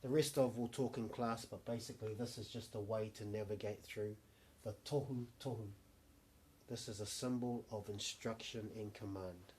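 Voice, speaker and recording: A man's voice: fairly low pitch, steady tone, moderate pace, a little mellow, slight background noise. A man teaching a language lesson, patiently modelling short phrases and repeating them.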